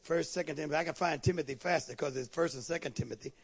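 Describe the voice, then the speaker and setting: A man preaching a fervent sermon in a church service, calling out to the congregation and breaking into quick asides. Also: a little high, husky.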